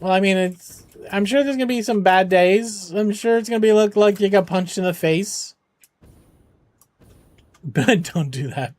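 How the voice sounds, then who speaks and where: A man with a fairly high voice chats with his stream chat, rambling and joking while reassuring viewers. The sound is dry and close, with no room around it. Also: normal speed, a little mellow, no echo. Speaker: charity game streamer.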